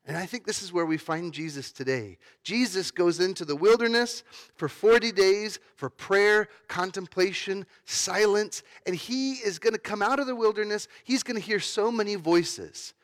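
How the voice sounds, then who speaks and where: Man, pastor, sermon, conversational, hesitant restarts, slightly high voice. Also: moderate pace.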